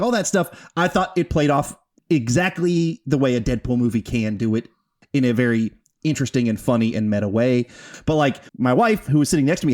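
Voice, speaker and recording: A man co-hosting a podcast, chatting in an animated, laughing and profane way. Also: a little high. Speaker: podcast co-host. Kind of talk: casual chat.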